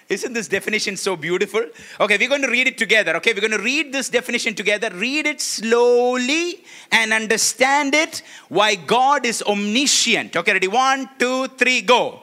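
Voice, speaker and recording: A man's voice: sits high, normal speed, sharp tone. A man preaching a sermon to a congregation in a church, leading call-and-response and laughing often.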